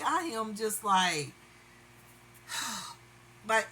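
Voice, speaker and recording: Woman, makeup vlogger, slow talker, bright tone, rambling, lots of fillers. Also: medium pitch, husky. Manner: rambling, venting, many fillers. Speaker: beauty vlogger. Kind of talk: casual makeup tutorial chat.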